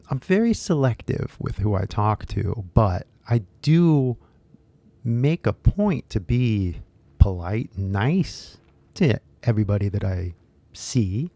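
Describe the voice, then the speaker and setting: A man's voice: mid-range voice, big pitch swings, takes it slowly, long pauses, warm tone, no room sound. A man with a Californian accent, an accent teacher talking casually to camera in a rambling, chatty way with many fillers. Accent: Californian English.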